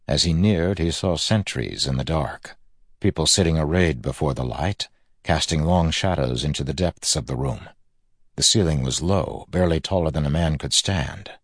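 A man narrating a fantasy audiobook in a measured, grave manner. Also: extremely low pitch, no echo, clean studio sound.

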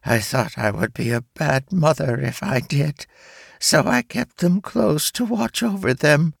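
A man voicing a giant grieving mother spider with a hissing, drawn-out voice in an audiobook. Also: on the high side, vocal fry, slightly rough, no echo, clean studio sound, pitched above the performer's own voice, full character voice. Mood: wavering. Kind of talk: audiobook character voice.

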